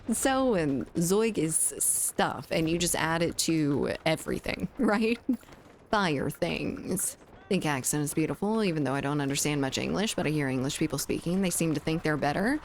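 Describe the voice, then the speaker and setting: Casting: woman game streamer, mild Southern US accent, lowish voice, chatty, laughs easily, faint background hiss. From southern United States. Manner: chatty, reads chat aloud, laughs often. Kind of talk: casual live-stream chat while gaming.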